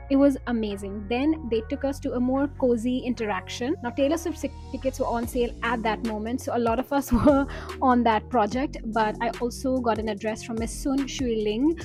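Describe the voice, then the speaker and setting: A woman's voice: fairly high pitch, dark tone. A woman narrating her day in a casual, enthusiastic vlog voice-over. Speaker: vlogger.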